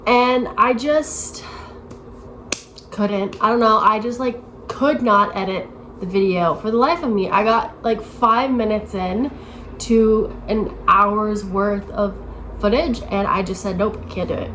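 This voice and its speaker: A woman in her late twenties talks slowly to camera at medium pitch with a fairly bright tone, rambling and self-deprecating, full of "like" fillers. It's a casual vlog chat at home as she moves to her desk, with poor audio and a little hiss or hum.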